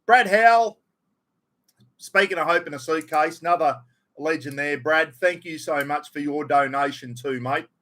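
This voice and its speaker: A man's voice: on the high side, moderate pace, a bit bright. A middle-aged Australian man hosting a casual livestream, greeting viewers by name and chatting about his weekend and the footy. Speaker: livestream host.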